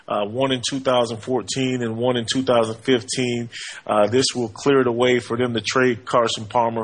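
A man hosting a sports talk show, energetic, with lots of "hey, man" and "uh" between points. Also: fairly low pitch. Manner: energetic, frequent fillers and 'hey, man'.

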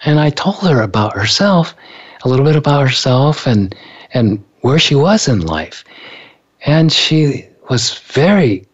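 A man's voice: mid-range voice, big pitch swings, a little slow, breathy edge, muffled recording. A male author telling a personal story in conversation, earnest, and often repeating words as he recalls events. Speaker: author and speaker.

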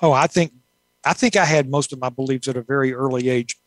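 A woman's voice: very deep voice, fast, dry recording, rough recording. A woman author answering interview questions in a thoughtful, rambling way, with many asides. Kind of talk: casual conversational interview.

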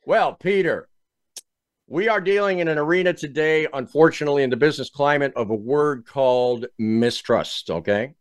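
A man's voice: a little high, normal speed, smooth, dry recording, studio quality. A man hosting a business talk show, introducing and interviewing a guest in a folksy, emphatic way. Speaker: show host.

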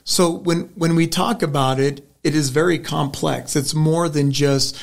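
Brief: middle-aged male candidate, slightly high voice with gravel, earnest storyteller, restarts often. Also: steady tone, a little slow. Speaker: state senate candidate. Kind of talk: interview answer, conversational.

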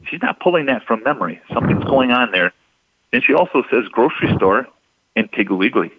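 A man's voice: medium pitch, animated, brisk, slight background noise. A man explaining deception cues in an instructive, emphatic manner on a radio talk show. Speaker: deception expert guest. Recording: dull lo-fi radio audio.

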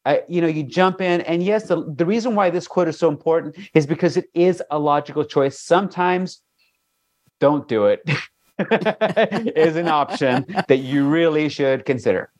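A man's voice: a little high, fairly even intonation, normal speed, darkish tone. A man speaking as an interview guest in an earnest, motivational way. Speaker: guest, jewelry designer. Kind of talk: interview talk.

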